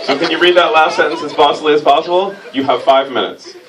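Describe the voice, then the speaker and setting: A man hosting a comic stage reading, teasing his volunteers in a dry, mock-pompous deadpan. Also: fairly high pitch, quick pace. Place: stage before a live audience. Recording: distant mic, loud crowd laughter and noise.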